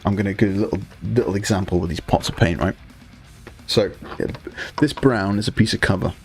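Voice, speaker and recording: A man's voice: fairly low pitch, a little fast, soft background music. A young British man with a British accent, chatting casually to his live-stream audience and joking with the chat. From Britain. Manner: chatty, banters with chat, swears. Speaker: hobby streamer.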